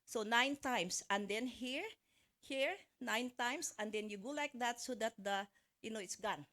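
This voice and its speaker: Speaking unhurriedly in a fairly bright, highish voice, this motivational speaker addresses a live seminar audience. She coaches in a chatty way, jokes with the crowd, and frequently gropes for words and restarts her phrases.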